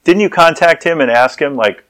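A man's voice: fairly high pitch, moderate pace, a bit bright. A man preaching a sermon, telling a story in a conversational way that often repeats and restarts words.

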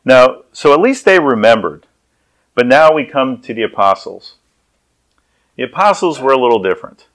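Brief: male pastor, mid-pitched, conversational preaching, animated storyteller. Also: normal speed, long pauses, rough recording. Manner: storytelling, acts out voices. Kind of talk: sermon.

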